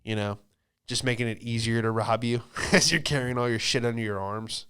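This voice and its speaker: A man hosting a podcast, doing a loose, profane comedic monologue and slipping into quick put-on voices. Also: medium pitch, steady tone, a bit bright, clean tone. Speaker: podcast host, stand-up comedian.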